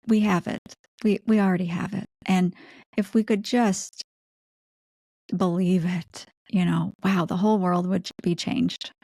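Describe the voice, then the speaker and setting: Mellow-voiced woman podcast host. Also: on the low side, little pitch movement, measured pace, no room sound, clean studio sound. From United States. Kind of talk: interview and scripted announcement.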